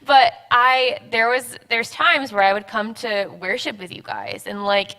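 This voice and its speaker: A young woman in casual church chat, talking in halting, rambling bursts with frequent laughs. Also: fairly high pitch, creaky, bright, forceful tone. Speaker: church member guest.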